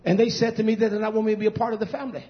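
A high-pitched man delivers a combative, rambling sermon. His voice drops to a mutter, then climbs into shouts. The recording sounds dull and lo-fi. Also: flat delivery, racing. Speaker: preacher. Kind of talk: fiery sermon.

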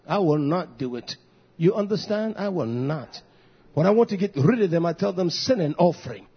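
A male pastor preaching a fiery sermon, swinging from shouted swells to low muttered asides. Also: expressive, moderate pace, husky. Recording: dull lo-fi recording.

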